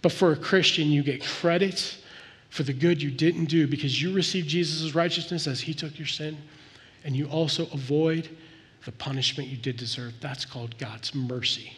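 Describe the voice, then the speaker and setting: Man, pastor, earnest conversational sermon, fairly high voice, long hall reverb. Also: fairly even intonation, moderate pace. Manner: earnest, conversational preaching, dropping to soft intensity.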